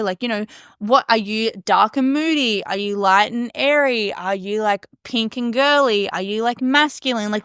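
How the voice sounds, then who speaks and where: A young woman hosting a casual solo podcast, talking fast and chatty, laughing often and swearing casually. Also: medium pitch, a bit bright, no echo, studio quality. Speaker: podcast host. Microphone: podcast mic.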